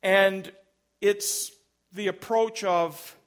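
A man's voice: sits high, fairly even intonation, drawn-out words, smooth. A man, a pastor, preaching an emphatic sermon and telling stories. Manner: emphatic, storytelling, big swings in loudness.

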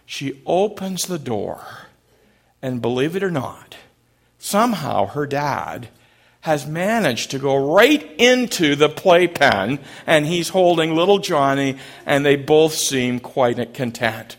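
A middle-aged man, a pastor, preaching a sermon and telling a story in a gentle, halting way. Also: a little high, big pitch swings.

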